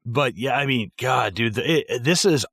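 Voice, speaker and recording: Bright-voiced profane podcast guy. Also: medium pitch, normal speed, vocal fry, breathy edge, dry recording, clean studio sound. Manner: profane, animated, acts out film quotes. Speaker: podcast co-host. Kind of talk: casual movie discussion.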